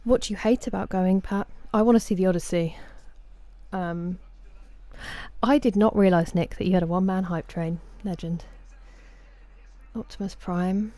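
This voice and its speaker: Low-voiced woman chatting with her stream. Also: moderate pace, mellow, no echo. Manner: chatty, answering viewers' messages by name. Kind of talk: casual live-stream chat. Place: room at home.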